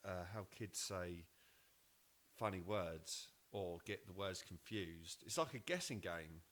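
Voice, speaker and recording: A man, co-hosting a casual podcast chat and telling family stories with animated laughter. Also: sits low, takes it slowly. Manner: animated storyteller, acts out voices with laughter. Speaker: podcast co-host.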